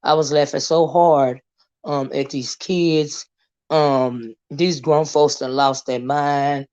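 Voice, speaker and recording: A hoarse woman, hosting a casual livestream, greeting viewers and chatting with many fillers and asides. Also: low voice, fairly even intonation, slow pace, a little mellow, dull audio. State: hoarse, lost her voice. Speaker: livestream host.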